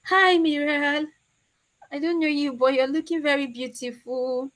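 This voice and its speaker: A woman's voice: high voice, fairly even intonation, moderate pace. A Nigerian woman hosting an online meetup over a video call, chatty and teasing. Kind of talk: casual chat.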